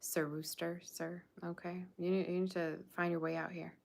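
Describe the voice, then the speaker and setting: A woman's voice: lowish voice, little pitch movement, normal speed, creaky. A young adult woman hosting a tarot livestream, chatting casually and sassily teasing the viewers in her chat. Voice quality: sassy, teasing banter with the chat. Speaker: tarot reader livestream host.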